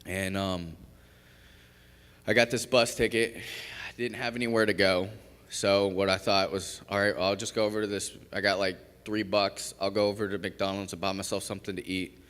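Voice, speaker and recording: A young man shares his recovery testimony from the front of a church, speaking in a candid, conversational way full of fillers and self-corrections. His voice sits a little low. The sound carries a long reverb from the large sanctuary. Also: little pitch movement, normal speed, a bit bright, clean tone. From Kentucky. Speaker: recovery program graduate giving testimony. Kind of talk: personal testimony in a church service.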